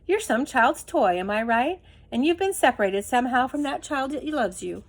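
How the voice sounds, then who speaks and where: A woman's voice: high-pitched, animated, normal speed. A woman reading aloud and voicing an enormous bearded man who speaks kindly and coaxingly to his dog. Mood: gentle, coaxing. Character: enormous bearded gentle male drifter.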